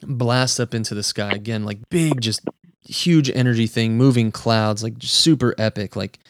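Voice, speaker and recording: A male podcast host with a medium-pitched voice speaks at a moderate pace, with some background noise in the recording. Chatty and enthusiastic, he discusses a comic book issue with a guest in a casual review, frequently saying "like" and "dude."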